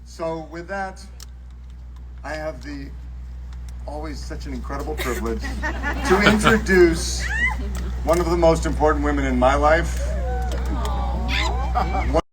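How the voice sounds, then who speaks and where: A man giving an earnest political rally speech outdoors, rising to shouts on key lines. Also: on the high side, unhurried, long pauses, over a noisy crowd. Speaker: rally speaker. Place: outdoor rally beside a bus. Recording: distant outdoor rally mic with noise.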